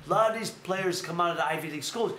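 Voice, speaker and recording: A man's voice: high-pitched, quick pace. A man hosting a live stream, chatting casually and acting out stories with quoted voices. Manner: animated storyteller who acts out quotes in others' voices. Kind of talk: casual storytelling chat. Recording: echoey room with faint noise.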